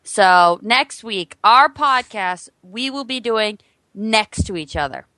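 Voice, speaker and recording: A woman's voice: mid-range voice, lively intonation, slow pace, bright, forceful tone, no room sound. A young woman co-hosting a podcast in casual chat, teasing and rattling off plugs. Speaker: podcast co-host.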